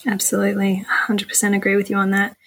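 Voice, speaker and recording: A woman hosts a casual podcast interview. Her voice is bright and clear, and she responds with eager, encouraging affirmations. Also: medium pitch, completely flat delivery. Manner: enthusiastic, quick affirmations. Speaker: podcast host.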